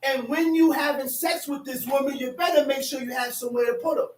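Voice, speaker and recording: A man teaching a Bible class as a preacher, animated and often shouting, with laughs between points. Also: extremely high pitch, fast talker, soft background music. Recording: roomy sound from a distant mic.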